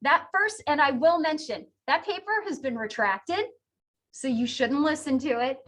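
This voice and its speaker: A woman's voice: sits high, normal speed, fairly bright tone. A woman teaching a psychology class, giving a chatty lecture with jokey asides. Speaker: psychology instructor.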